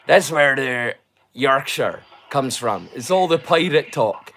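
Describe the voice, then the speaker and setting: A man's voice: medium pitch, expressive, takes it slowly, sharp tone, a little hiss or hum, rough recording. A man with a Northeast Scottish accent, hosting a livestream in a casual, rambling, joking way. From Scotland. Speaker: livestream host.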